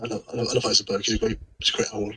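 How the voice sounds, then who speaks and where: A man's voice: fairly low pitch, little pitch movement, very fast, bright, forceful tone, a little hiss or hum, low-quality recording. A man playing a tabletop game, talking casually in character, stammering, repeating words and swearing offhand.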